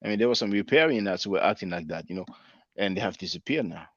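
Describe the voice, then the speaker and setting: A man's voice: deep voice, lively intonation, quick pace, a bit bright, dry recording, dull audio. A man in his forties hosting his channel, reading viewer comments aloud and answering them in casual commentary. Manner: conversational, spells words out, laughs at comments. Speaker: channel host reading live chat.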